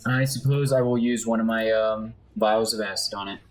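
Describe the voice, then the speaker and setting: A man's voice: on the low side, steady tone, moderate pace, low-quality recording. Casual rambling gamer guy. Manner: rambling, offhand, many fillers. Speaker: let's play host. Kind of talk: casual gameplay commentary.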